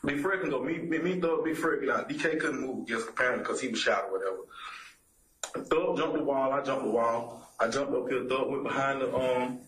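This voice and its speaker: A man being questioned in a police interview room, talking in casual street slang, halting and repeating words as he goes. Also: mid-range voice, fairly bright tone, reverberant, a little hiss or hum, low-quality recording. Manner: casual street slang, keeps checking he is understood.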